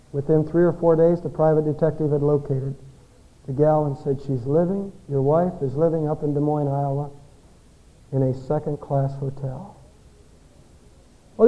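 Pastor, male, high tenor, dynamic sermon delivery that rises and falls, slightly lo-fi recording. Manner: dynamic preaching, swinging between loud peaks and hushed endings. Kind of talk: Christmas sermon with storytelling.

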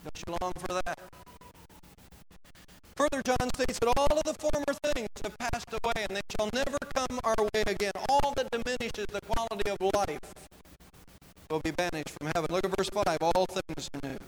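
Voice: medium pitch, expressive, normal speed, faint music behind, rough recording. A pastor preaching a sermon earnestly, repeating phrases for emphasis.

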